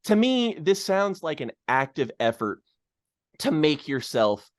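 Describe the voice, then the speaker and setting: A man's voice: fairly high pitch, big pitch swings, unhurried, no echo, studio quality. A man from Kentucky co-hosting a music podcast, ranting in casual chat, swearing freely and stumbling over restarts. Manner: ranting, profane, full of restarts and stammers. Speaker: podcast co-host.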